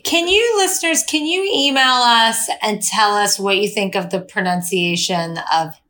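A woman's voice: mid-range voice, moderate pace, a bit bright. A woman co-hosting a podcast in casual chat, teasing and easygoing, saying "like" often. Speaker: podcast co-host.

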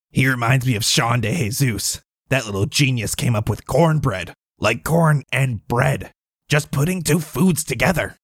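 A man's voice: mid-range voice, slightly rough, no echo, clean studio sound, heavily acted. A man doing a jealous scheming cook. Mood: excited. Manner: rambling, self-doubting inner monologue. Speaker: player. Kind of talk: in-character monologue for a tabletop game.

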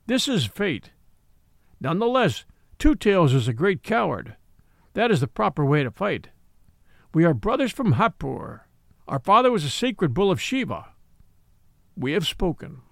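A stolid young army mule who states things plainly, as if they were simple facts. A man gives him a fairly high voice with lively rises and falls. The sound is dry and up close. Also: a little slow, creaky, long pauses, dry recording, full character voice. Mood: matter-of-fact. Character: young male gun mule, stolid and matter-of-fact.

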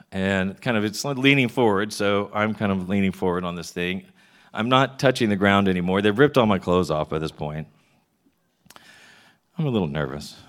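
A middle-aged man from Texas telling a candid comic story to a live audience, landing his punchlines wryly. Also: fairly low pitch. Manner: wry, candid, punchline-driven joke delivery.

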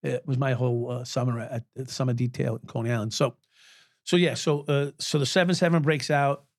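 A man in his sixties who used to be a cop speaks fairly quickly in a steady, mid-range voice as a podcast guest. He tells frank stories bluntly, cursing without restraint and chuckling, captured in studio quality with no echo.

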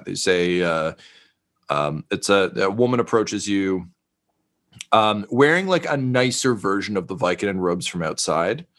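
Man, game master, rambling, wry, lots of ums, lowish voice. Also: a bit bright. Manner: rambling, filler-heavy, wry. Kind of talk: narrating a tabletop game.

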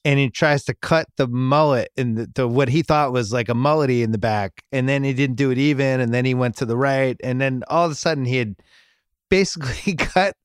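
A man's voice: mid-range voice, fairly quick, clear, resonant tone, no room sound. A middle-aged man tells a meandering family story on a podcast, with frequent restarts and chuckles at his own jokes. His voice sits in a middle register, recorded close in a dry studio with no room sound. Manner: rambling anecdote, laughing at his own jokes. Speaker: podcast host. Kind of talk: casual storytelling chat.

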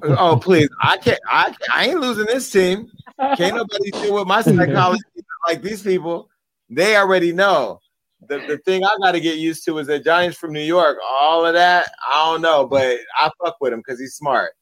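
A man hosting a talk show in casual chat, joking and cursing through rapid banter. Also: fairly high pitch, a bit bright.

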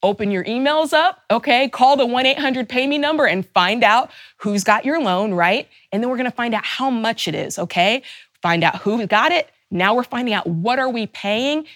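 A woman's voice: a little high, lively intonation, normal speed, fairly bright tone, dry recording. A woman host giving a fervent, emphatic motivational talk, stacking rhetorical questions and openly angry on her listeners' behalf. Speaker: personal finance show host.

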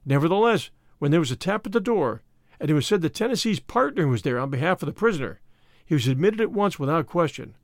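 A man narrating a classic short story in a measured, expressive audiobook reading. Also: fairly high pitch, dry recording, clean studio sound.

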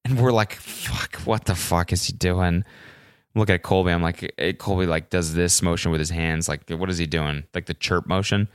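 A man's voice: deep voice, steady tone, a little fast, clear, resonant tone, no room sound, clean studio sound. A young man hosting a solo podcast, telling stories in a casual, rambling way with lots of swearing and fillers. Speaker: podcast host.

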